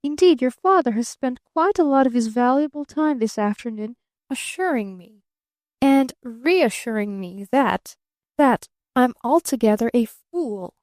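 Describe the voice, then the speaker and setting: A woman's voice: fairly high pitch, animated, unhurried, darkish tone, dry recording, clean studio sound. A woman voicing a flustered, wryly ironic young man in an audiobook reading. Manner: stammering, wry.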